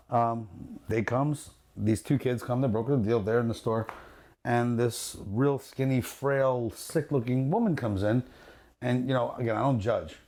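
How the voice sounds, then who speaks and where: A man, a luxury jewelry dealer, telling a story in a casual podcast chat, animated and profane, acting out the quotes and laughing as he goes. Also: medium pitch, normal speed. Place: his jewelry store.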